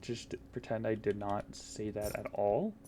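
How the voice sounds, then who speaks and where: A man's voice: measured pace, warm tone, slight background noise. Dude rambling over his game, goofy and self-mocking, faint keyboard clicks behind. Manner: rambling, goofy, self-mocking, jumps into silly high voices. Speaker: gaming YouTuber. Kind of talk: solo gameplay commentary.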